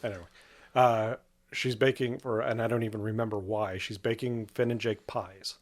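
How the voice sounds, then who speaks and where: A man's voice: on the low side, steady tone, moderate pace. A man co-hosting a podcast in casual chat, easygoing and hesitant, with frequent fillers. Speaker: podcast co-host.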